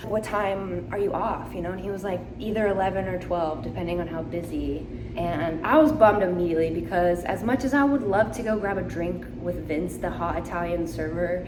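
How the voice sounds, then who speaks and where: A woman's voice: fairly low pitch, fairly quick, background noise. A young woman telling a story in a chatty, giggly way, talking to a handheld camera for her travel vlog. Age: young adult. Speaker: travel vlogger. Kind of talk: casual vlog chat. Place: hotel room and outdoors. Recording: echoey with loud ambience.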